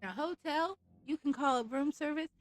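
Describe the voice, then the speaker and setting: Higher-voiced woman ranting bluntly. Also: a little fast, dry recording, rough recording. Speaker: game streamer. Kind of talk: casual live-stream rant.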